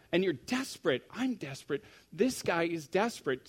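Male preacher, sermon delivery, animated storyteller moving between hushed and loud. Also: high-pitched, moderate pace, slightly rough.

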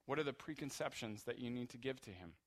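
A male pastor delivering a sermon, with passionate swings from quiet, low passages to loud, high-pitched peaks. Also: lively intonation, quick pace.

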